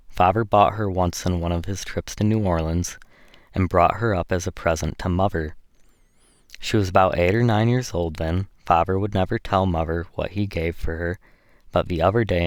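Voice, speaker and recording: A male audiobook reader voicing a frank, earnest young gentleman in a plain, earnest delivery. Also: deep voice, steady tone, moderate pace, no echo, natural voice.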